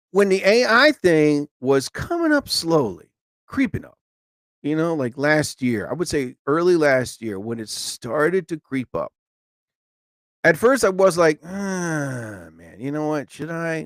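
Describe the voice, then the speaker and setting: A middle-aged man hosting his own live stream, chatting casually and acting out what people said in high, mocking voices. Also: no room sound, studio quality. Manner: animated, acts out quotes in high voices.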